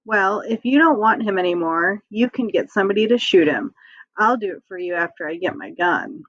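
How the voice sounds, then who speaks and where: A woman's voice: medium pitch, expressive, moderate pace, fairly bright tone, no room sound, lo-fi sound. A woman voicing a pushy young boy in a storybook reading, asking blunt, needling questions.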